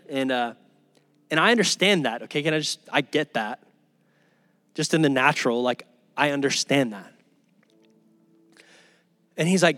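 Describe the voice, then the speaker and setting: A man's voice: a little high, moderate pace, pauses often, no room sound. A man preaching a sermon to his church in a casual, conversational way, acting out the people in his stories. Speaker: pastor.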